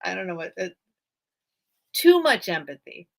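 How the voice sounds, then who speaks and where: A woman's voice: lowish voice, sing-song, normal speed, creaky. A woman hosting a casual live-stream sale from home, chatty and rambling, often thanking her viewers.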